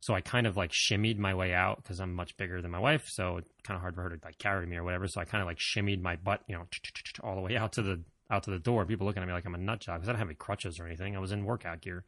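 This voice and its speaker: Low-voiced man telling a rambling story. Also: steady tone, rapid-fire, hardly any pauses, a bit bright, no room sound, clean studio sound. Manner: rambling and conversational, with frequent fillers and self-corrections; self-deprecating humor. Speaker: vlogger. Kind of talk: casual personal storytelling.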